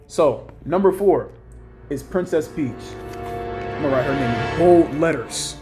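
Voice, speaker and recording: Rambling young man, animated rant. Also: unhurried, faint music behind. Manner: animated, rambling, acts out quoted lines in higher voices. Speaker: YouTuber ranking characters. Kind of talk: casual ranting commentary.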